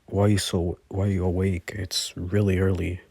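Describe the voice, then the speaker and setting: A man voicing an earnest, caring teenage boy hero in a soft, reassuring way. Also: low-pitched, level tone, moderate pace, creaky, slightly rough, no echo, full character voice.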